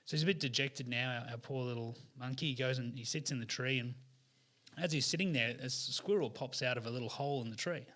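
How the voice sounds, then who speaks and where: A man, a podcast guest, telling a story in casual conversation, chatty and animated with lots of restarts. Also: medium pitch, quick pace.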